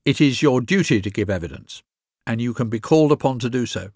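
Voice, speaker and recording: A man's voice: medium pitch, expressive, a little mellow, dry recording, studio quality, lightly acted. Man reading a stern, methodical lawyer. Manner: stern, measured.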